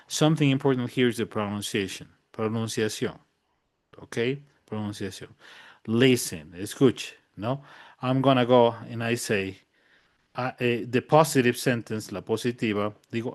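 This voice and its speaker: Man teaching English slowly. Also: mid-range voice. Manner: slow drilled example sentences, repeats in Spanish. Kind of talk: online bilingual lesson.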